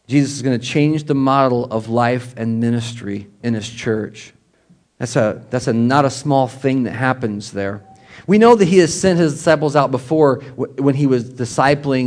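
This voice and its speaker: A man giving a conversational sermon as a pastor, animated and relaxed, asking his listeners questions. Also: mid-range voice, normal speed.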